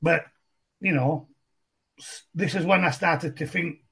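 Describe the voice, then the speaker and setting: A man's voice: on the high side, unhurried, gravelly, a bit bright, slightly rough. A middle-aged man with a broad Barnsley Yorkshire accent, telling his story as a podcast guest in a chatty, rambling way. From England. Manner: broad, chatty, repeats and restarts phrases. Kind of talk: casual storytelling conversation.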